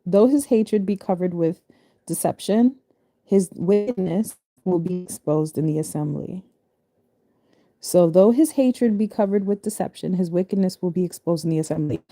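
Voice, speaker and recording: A woman with a low, very mellow voice talks through scripture in a relaxed, chatty way. She reads a verse, then wanders into loose asides, restarting phrases and laughing easily. Her voice sits close and dry, with no room sound around it. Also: normal speed, dry recording. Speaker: spiritual reader. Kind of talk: casual scripture reading and commentary.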